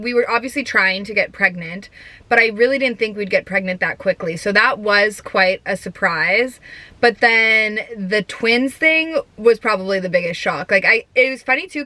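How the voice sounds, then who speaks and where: A young woman vlogging in a casual, chatty way, full of "like" and quick laughs. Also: medium pitch, pushed and bright, dry recording. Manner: chatty, giggly, lots of filler "like". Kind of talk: casual chat.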